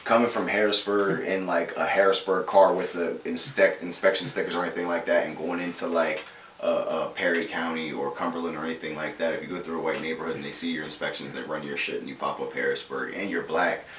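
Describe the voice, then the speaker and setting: A man's voice: low voice, flat delivery, quick pace, fairly bright tone. A man hosting a podcast in casual, profane, rambling chat, often saying "you know what I mean". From central Pennsylvania. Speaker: podcast host. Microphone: camera mic. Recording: echoey room, distant mic, faint hiss.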